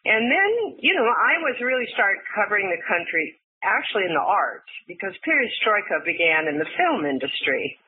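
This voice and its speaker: An older woman journalist, a guest telling her story in an animated way and laughing often. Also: medium pitch, moderate pace, few pauses, slight background noise. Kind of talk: storytelling interview answer. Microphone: phone. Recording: tinny phone line.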